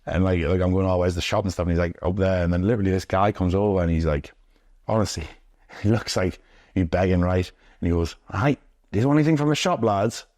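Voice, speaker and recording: A young man, talking low and deep. He rambles through stories in a casual, sweary way, full of fillers. The sound is dry and close. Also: fairly even intonation, quick pace, darkish tone, no echo. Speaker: interviewee, pro wrestler. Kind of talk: casual storytelling. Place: indoors, sit-down interview.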